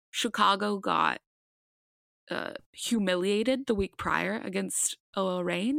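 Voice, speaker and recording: This podcast co-host's medium-pitched voice is gravelly yet fairly bright as she talks casually about a game, often saying um and restarting. The studio sound is clean, with no echo.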